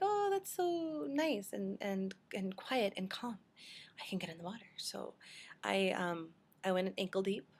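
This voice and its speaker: A woman casually telling her sister a rambling personal story in a video message, full of fillers and restarts, acting out her own quoted lines with big jumps in pitch.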